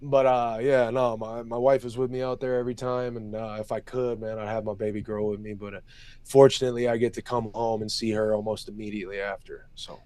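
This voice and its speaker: A young MMA fighter talks fairly quickly in a mellow, lowish voice that barely moves in pitch, with no room sound. He's emotionally open in the interview, swearing often and storytelling in loose run-ons.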